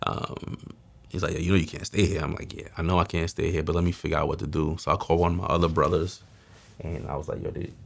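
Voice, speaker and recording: A man recounts his past in candid, slangy street talk. His voice sits very low and gravelly, with plenty of fry. He often drops to a hushed, near-whispered tone when the story turns heavy. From Mount Vernon, New York. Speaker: guest telling his life story. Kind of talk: candid testimony.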